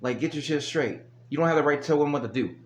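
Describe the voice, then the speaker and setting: A man's voice: fairly high pitch, fast talker. A man hosting a reaction video, ranting angrily with heavy swearing and bursts of laughter. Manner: angry, swearing, laughs between rants. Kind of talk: profane ranting commentary. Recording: echoey room.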